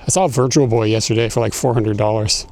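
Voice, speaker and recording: Walking through a snowy park on a casual IRL livestream, a breathless man rants to his chat, laughing and swearing. His lowish voice is steady and a little mellow, his pace a little fast. Audio comes from the phone he's carrying, with slight background noise from faint outdoor ambience.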